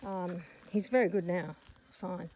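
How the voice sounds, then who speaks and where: In this noisy outdoor phone clip, an animal rescue owner films while walking her rural land, out of breath and rambling, stopping mid-story to scold and coax her dogs amid dogs and farm animals. She speaks a little slowly in a lowish, slightly mellow voice with fairly even intonation.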